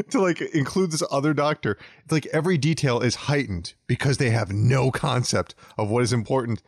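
A man's voice: medium pitch, fairly quick, creaky, hardly any pauses, husky, dry recording, clean studio sound. A man co-hosting a podcast, chatting casually and mockingly about a movie, laughing often. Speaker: podcast co-host. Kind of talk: casual comedic movie review chat.

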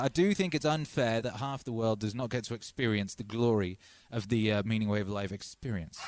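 A man chatting loosely on his live stream, at a middling pitch for a man. He rambles from thought to thought and calls out to his viewers as brothers and sisters. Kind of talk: casual live-stream chat.

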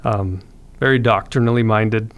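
Man, podcast guest, earnest, reflective, slightly low voice. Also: moderate pace. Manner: earnest, reflective, frequent restarts. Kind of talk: telling his conversion story.

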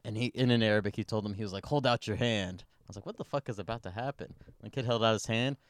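A man's voice: on the low side, very fast, no echo, studio quality. A man co-hosting a podcast, telling funny family stories in casual chat and laughing through his punchlines. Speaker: podcast co-host.

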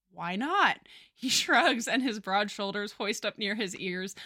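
A woman co-hosting a casual book podcast, recapping a novel and reading its dialogue aloud with animated voices. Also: medium pitch, slow, vocal fry, no echo, studio quality. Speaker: podcast co-host.

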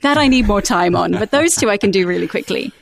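A woman's voice: mid-range voice, lively intonation, quick pace, creaky, slight background noise. A woman who works as a voice-over artist, chatting upbeat and laughing often in a podcast interview. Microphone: studio microphone.

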